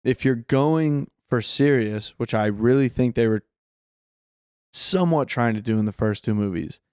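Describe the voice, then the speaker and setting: A man's voice: mid-range voice, moderate pace, darkish tone, clear, resonant tone, no echo, studio quality. A man co-hosting a casual film podcast, rambling and restarting his sentences, swearing freely. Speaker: podcast co-host.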